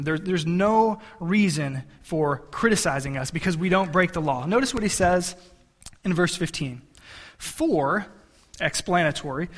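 Male pastor, slightly high voice, self-mocking storyteller, sermon in a reverberant hall. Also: a bit bright.

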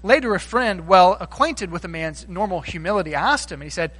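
Guy preaching a sermon, high bright voice, chatty, acts out the quotes. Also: fairly quick, rough recording. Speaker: pastor.

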